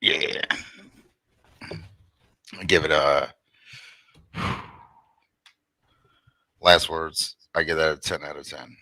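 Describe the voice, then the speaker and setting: Man, very deep voice, bright tone, lively pitch, casual swearing co-host chat, dry sound. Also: drawn-out words, long pauses, no room sound. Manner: laughs a lot, relaxed, swears, says "and whatnot". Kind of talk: casual post-debate chat.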